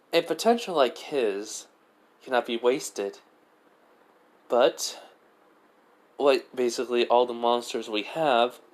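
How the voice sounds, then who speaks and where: A man voicing a calm, scheming goddess in a measured tone. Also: medium pitch, natural voice.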